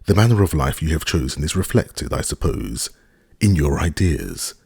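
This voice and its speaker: A man's voice: a bass voice, very animated, vocal fry, a little mellow, breathy edge, no room sound, studio quality, heavily acted. A man reading a cold sarcastic official husband. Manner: stiff, measured, contemptuous. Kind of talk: audiobook character reading.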